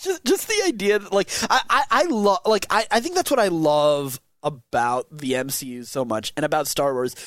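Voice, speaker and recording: A man's voice: on the high side, normal speed, hardly any pauses, fairly bright tone, no room sound, studio quality. A man co-hosting a podcast in casual chat, laughing often and restarting his sentences with lots of fillers. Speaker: podcast co-host.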